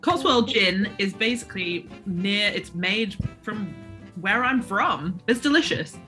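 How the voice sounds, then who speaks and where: English woman on a video call, chatty and wry, voice moving up and down a lot, bright tone. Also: mid-range voice, animated, measured pace, faint music behind. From England. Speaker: guest. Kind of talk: casual chat.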